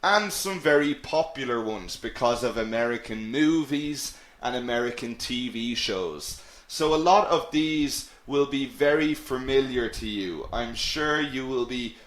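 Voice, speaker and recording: A man teaching an English lesson, upbeat and encouraging, repeating key words slowly. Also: mid-range voice, a bit bright. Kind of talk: live online English lesson. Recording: roomy echo.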